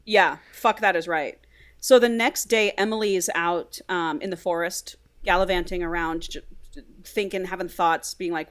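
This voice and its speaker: A woman's voice: fairly low pitch, steady tone, moderate pace, fairly bright tone. A woman co-hosting a podcast, recapping a book in breezy, profane, casual storytelling. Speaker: podcast co-host.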